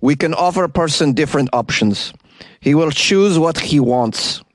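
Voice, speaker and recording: Guy doing a slow stiff russian-accent company spokesman, dry close sound. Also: on the high side, expressive, no echo. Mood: formal. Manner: slow, formal, deliberately clumsy accent.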